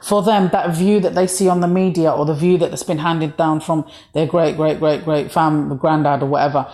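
A woman's voice: low voice, steady tone, normal speed, dark tone. A woman from East London with a London accent, a comedian telling stories in a casual podcast chat. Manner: chatty storyteller, acts out voices in anecdotes. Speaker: comedian guest.

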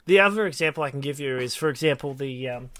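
A man's voice: medium pitch, fast, no echo. A man co-hosting a casual podcast chat, rambling and restarting his sentences as he tells stories. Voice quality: bright, rambling with many restarts. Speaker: podcast co-host.

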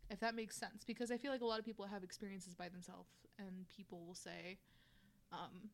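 A woman co-hosting a casual conversation, soft-spoken, with short reactions and gentle prompts. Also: medium pitch, level tone, brisk. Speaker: co-host listening and prompting.

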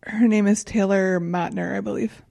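Woman co-host, relaxed warm voice, fond and eager in conversation. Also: medium pitch, moderate pace, vocal fry, dry recording, clean studio sound. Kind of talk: casual chat.

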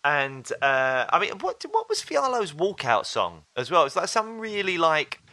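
Man from england, mid-pitched voice, bright tone, dry close sound, casual storytelling podcast chat. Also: measured pace, no room sound. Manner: relaxed storyteller, acts out quotes. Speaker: podcast co-host.

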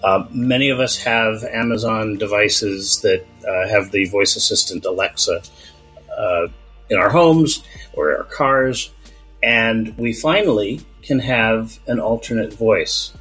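An eager man talks on a podcast panel in a low voice with a sharp, forceful edge. His voice is a little husky, and he stammers when he gets excited. Faint music runs behind him. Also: a little slow, rough recording. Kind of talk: casual panel chat.

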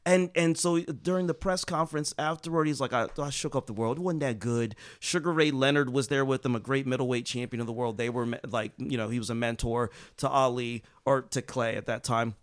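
A man telling a sports history story on a podcast in a casual, animated way, acting out quotes and swearing freely. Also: fairly quick, few pauses, clear, resonant tone, no room sound. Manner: animated, acts out quotes with big pitch jumps and swearing.

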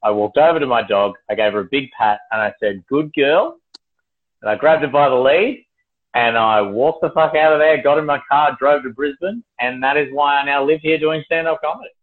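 A man's voice: medium pitch, fairly quick. Swearing Australian man spinning a yarn. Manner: swearing, laughing, acting out quotes. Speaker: comedian telling a story. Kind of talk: casual storytelling. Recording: tinny phone-like audio.

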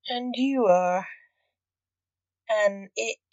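A defiant young vampire answering back, as a woman reads it. Slow delivery on a dull, dry recording. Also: medium pitch, a little mellow, no echo.

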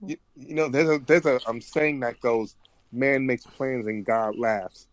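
A man's voice: mid-range voice, fairly even intonation, unhurried, dry recording. A man guest on a podcast, talking in a reflective, rambling way with frequent restarts. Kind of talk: casual conversation.

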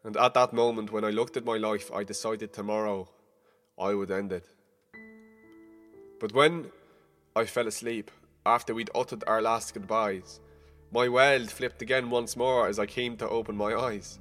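A young man narrating a rhyming spoken-word story, casual and profane, moving between hushed and heated. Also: on the low side, fairly even intonation, normal speed, soft background music. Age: young adult.

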